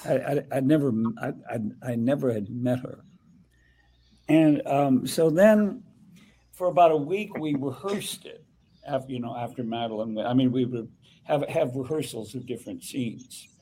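Older man, halting mellow recollection. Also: medium pitch, breathy edge, low-quality recording. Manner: rambling, halting recollection with many restarts. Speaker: actor guest. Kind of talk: conversational interview.

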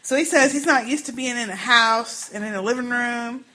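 High-voiced woman co-hosting a casual recap. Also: moderate pace. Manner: animated storytelling, acts out quotes, swears freely. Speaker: podcast co-host. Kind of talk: casual chat recapping a TV episode.

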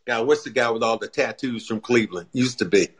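An older man, a former pro player, chatting casually on a sports podcast, telling animated stories full of acted quotes and colloquial repeats. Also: mid-range voice, fairly quick, slightly rough. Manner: colloquial, repeats words when revving up. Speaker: former pro basketball player, guest analyst.

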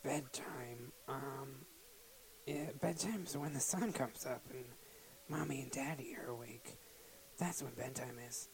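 A man's voice: mid-range voice, slow, creaky, over a noisy crowd, low-quality recording. A man playing a hungry, neglected little boy who shows up at the door late at night, whiny and hesitant. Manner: whiny, childlike, hesitant with ums.

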